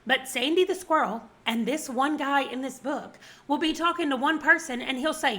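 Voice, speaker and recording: A woman's voice: high-pitched, normal speed, few pauses, pushed and bright. A woman in her forties with a Southern American accent, chatting casually about books she has read and laughing often. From Southern United States. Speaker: book vlogger. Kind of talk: casual book review chat.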